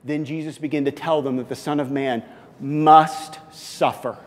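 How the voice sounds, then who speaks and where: Animated preacher in a reverberant sanctuary. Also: male voice, on the high side, a little slow. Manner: animated, swings between loud emphasis and quiet intensity. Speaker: pastor. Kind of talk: sermon. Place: church sanctuary. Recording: long church reverb.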